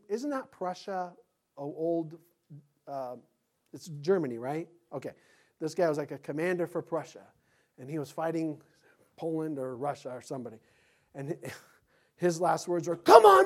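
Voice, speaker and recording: Middle-aged male pastor, animated sermon delivery, acts out voices, chuckles. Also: a little high.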